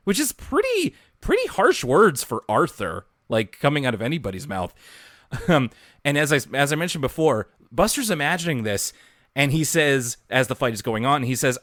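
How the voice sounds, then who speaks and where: A man co-hosting a casual podcast, talking through an episode recap with easy laughter. His pitch swings widely and expressively as he talks. The sound is dry and close, with no room around it. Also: big pitch swings, moderate pace, fairly bright tone, no echo. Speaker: podcast co-host.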